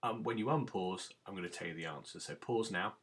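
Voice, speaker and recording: A man's voice: low voice, fairly quick, fairly bright tone. A man teaching a recorded phonics lesson to young children, giving patient step-by-step instructions. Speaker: primary school teacher.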